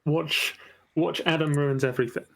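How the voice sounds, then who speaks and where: A man's voice: a little high, fairly even intonation, moderate pace, gravelly, a bit bright. A man who greets his stream chat and tells rambling, jokey stories full of restarts. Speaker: streamer and player.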